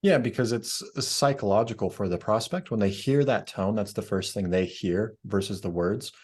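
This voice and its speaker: Lower-pitched male salesman, plain and concise, answering a coach. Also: normal speed, a little mellow, husky. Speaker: insurance salesman, trainee. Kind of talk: casual answers in a training session.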